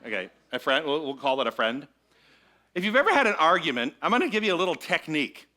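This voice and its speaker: A man preaching a relaxed, conversational sermon to a live congregation. His voice is bright and forward, and he often pauses to invite the room to repeat a line with him. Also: fairly high pitch. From Michigan. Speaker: minister. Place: church sanctuary with congregation.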